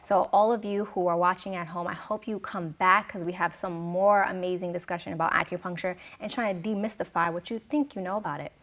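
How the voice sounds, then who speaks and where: A woman's voice: fairly low pitch, fairly even intonation, fairly quick, few pauses, a bit bright. A woman hosting a local TV health talk show, interviewing a guest in a chatty, personal way with many filler words.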